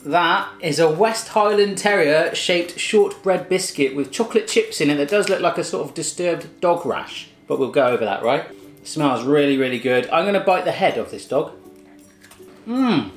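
A man's voice: a little high, expressive, normal speed, echoey room, faint music behind. A man hosting a food taste test in a home kitchen, chatting casually with playful jokes. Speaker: host.

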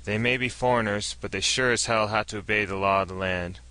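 Weary burly sheriff, voiced by a male narrator, folksy and plain-spoken, lowish voice. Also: steady tone, brisk, bright, forceful tone, clean tone, no room sound.

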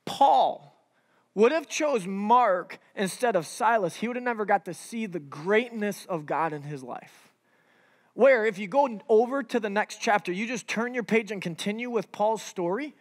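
A young man preaching to a youth group in a casual, animated way, peppered with "like" and "right?". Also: sits high, big-room sound. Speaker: youth pastor. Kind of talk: sermon.

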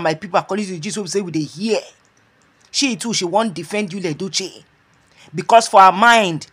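A woman with a Nigerian Pidgin accent runs a gossip channel. She tells the story in an animated, conversational way and keeps turning to her audience. Her voice sits at an ordinary middle pitch for a woman. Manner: animated storytelling, repeats "my people". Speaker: gossip blogger. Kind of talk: casual gossip commentary.

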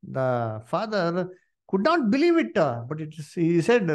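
Animated preacher with a lively voice. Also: male voice, high-pitched, a little slow. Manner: animated, many "you see" and "uh" fillers; addresses listeners as "dear brethren". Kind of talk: Bible study sermon.

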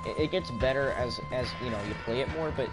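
A man's voice: medium pitch, fast talker, loud music behind the voice. A man giving live gameplay commentary, ranting in frustration and answering chat.

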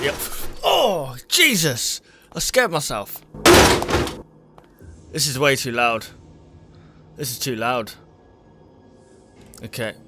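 A young man, commenting as he plays a horror game on a headset mic and talking to himself as he gets easily startled. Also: medium pitch. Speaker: gaming YouTuber.

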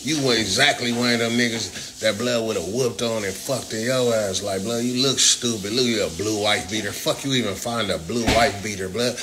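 A man from Los Angeles hosting a livestream, trash-talking and roasting a viewer loudly. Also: mid-range voice. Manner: loud, profane, taunting. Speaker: livestream host. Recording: noisy phone livestream.

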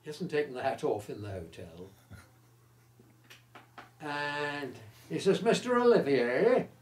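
Elderly male raconteur in his eighties, mid-pitched, lively, recorded in a roomy echo. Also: slow. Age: 80s. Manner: lively raconteur who acts out the quoted voices. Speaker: interviewee recalling his career. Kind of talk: anecdotal storytelling.

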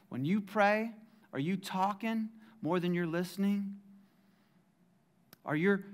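A pastor preaching a casual sermon in a church, moving from hushed, intimate lines to loud, shouted ones and joking with the crowd. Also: male voice, high-pitched. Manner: casual and jokey, calls the crowd guys. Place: church sanctuary.

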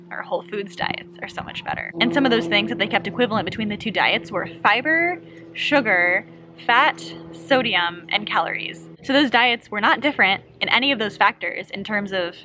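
A woman with a bright, crisp voice explains a science study in a casual, enthusiastic way. She talks quickly and keeps her energy up throughout. She is speaking outdoors from a hammock at a middle pitch. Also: a little hiss or hum, rough recording. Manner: fast talker, animated and enthusiastic. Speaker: PhD researcher explaining a study.

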